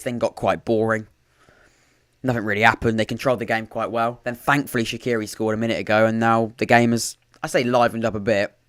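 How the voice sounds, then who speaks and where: Speaking at a medium pitch with a fairly bright tone, this podcast host runs a live football watchalong from home. He chats loosely and rambles, often cutting himself off and starting over, and slips dry sarcasm in between stretches of play-by-play.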